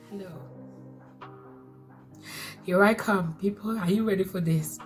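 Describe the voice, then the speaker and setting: Excitable woman with a bright voice. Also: medium pitch, slow pace, faint music behind, a faint crowd. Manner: excitable, repeats phrases, bursts of laughter. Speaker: mukbang vlogger. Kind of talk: casual chat to camera.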